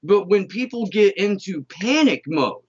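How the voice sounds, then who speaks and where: A man's voice: high-pitched, expressive, a little slow, a little mellow, slight background noise. Emphatic American man on a dull call line. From United States. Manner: emphatic, argumentative. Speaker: guest. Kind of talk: casual chat.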